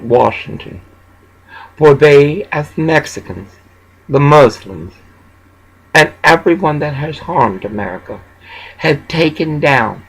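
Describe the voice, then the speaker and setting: A man with a gravelly, rough-edged voice, slightly husky and never quite clear. He rants unhurriedly through a profane, rambling vlog monologue. His thoughts jump around, and short chuckles break in. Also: mid-range voice, fairly bright tone, poor audio. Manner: ranting, profane, scattered, with chuckles. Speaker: vlogger.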